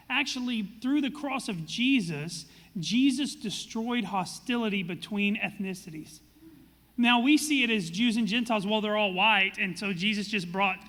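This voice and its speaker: A man's voice: high-pitched, pushed and bright, long reverb tail. A man, a pastor, preaching and then leading a panel discussion in an earnest, conversational way. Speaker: pastor hosting a church discussion. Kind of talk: sermon and moderated panel.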